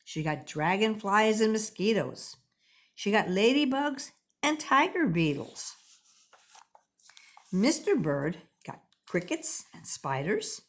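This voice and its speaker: Woman reading a picture book to little kids, slow and super expressive. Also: mid-range voice. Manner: expressive, clearly paced. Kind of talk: children's read-aloud.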